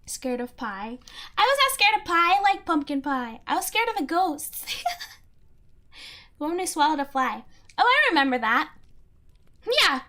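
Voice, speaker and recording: A young woman streamer chats casually and answers her viewers, rambling with lots of "like" and breaking into giggles. Her voice sits high and sounds bright. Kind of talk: casual chat, reading chat.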